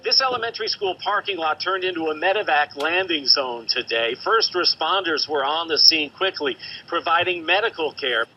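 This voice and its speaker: A male television reporter narrating a news story in a crisp, measured reporting cadence. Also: on the high side. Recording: dull broadcast news audio.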